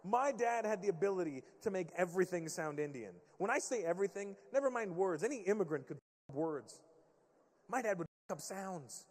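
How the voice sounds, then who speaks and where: A stand-up comedian in his fifties teasing audience members with quick banter. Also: sits high, animated. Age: 50s. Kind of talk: stand-up crowd work. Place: live comedy venue with audience. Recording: reverberant hall, faint crowd ambience.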